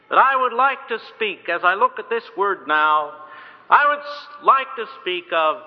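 A man preaching a sermon to a congregation in a large meeting hall, earnest and pleading, drawing out his words for emphasis. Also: high voice. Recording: dull 1970s recording with long hall reverb.

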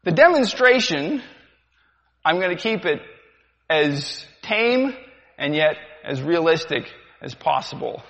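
A man's voice: on the high side, very animated, takes it slowly, creaky, a bit bright. A man preaching a sermon, asking rhetorical questions and repeating them for effect. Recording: dull sound, long hall reverb.

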